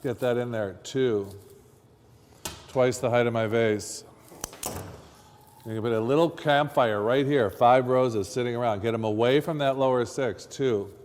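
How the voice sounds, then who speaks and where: A man's voice: medium pitch, unhurried, pauses often, a little mellow. A man teaching floristry in a hands-on demonstration lesson, chatty and coaching, quizzing his students as he works. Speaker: floristry instructor. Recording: long reverb from a hall.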